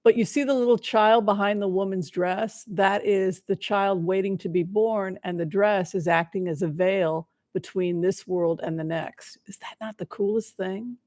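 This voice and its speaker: Woman, tarot reader, chatty, bubbly, playful, mid pitch, live-stream readings. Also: fairly even intonation, moderate pace, few pauses, a little mellow.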